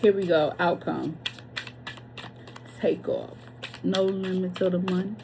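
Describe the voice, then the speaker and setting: A woman's voice: fairly low pitch, takes it slowly, vocal fry, background noise. A woman giving a casual tarot reading, chatty and blunt, swearing freely and wandering off on tangents. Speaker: tarot reader.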